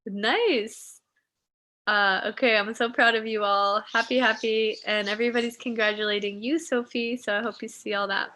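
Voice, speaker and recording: Woman ceremony host on a live stream, slow devotional delivery, bright and pitched a little high. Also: fairly even intonation. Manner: soft, slow and devotional when blessing. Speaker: spiritual teacher and ceremony host.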